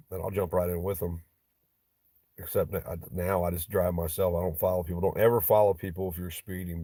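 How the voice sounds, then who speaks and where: A man from Ohio hosts a relaxed livestream chat, his low voice husky and dark in tone, with no echo in the recording. He's blunt, swears freely and jokes around with his viewers.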